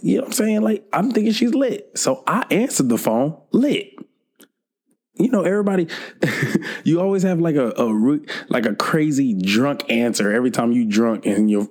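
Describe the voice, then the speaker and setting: A man's voice: medium pitch, moderate pace, darkish tone. A young man hosting a podcast, telling a funny weekend story in a laid-back, casual way, swearing often and laughing a lot. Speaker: podcast host.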